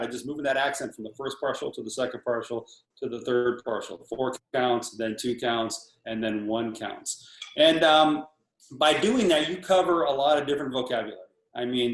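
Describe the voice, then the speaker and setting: A man's voice: mid-range voice, roomy sound. Older man teaching drum rudiments. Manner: animated, talks through patterns while counting off. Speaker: drum instructor. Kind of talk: casual drum lesson over video call.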